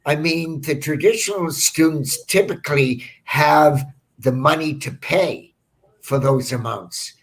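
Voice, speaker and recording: A man's voice: a little high, measured pace, breathy edge. A man co-hosting a remote event, chatting casually in a hesitant, jokey way that repeats words. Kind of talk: casual chat.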